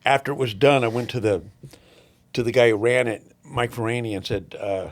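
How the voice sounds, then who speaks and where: An older man, a podcast guest, telling long rambling stories with swearing and frequent throat-clearing. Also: mid-range voice, brisk. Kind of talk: casual storytelling interview.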